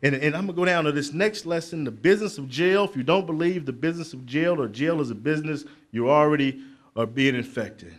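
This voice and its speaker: A middle-aged man, giving a motivational speech to young people at a conference, preacherly and building to loud emphatic peaks with asides to the crowd. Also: on the high side, fairly quick. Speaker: motivational speaker. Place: conference hall.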